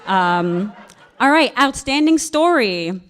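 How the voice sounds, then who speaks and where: A woman's voice: a little high, animated, takes it slowly, a bit bright. A woman giving a keynote on stage and presenting an award, laughing and stumbling over names. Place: stage at a live event.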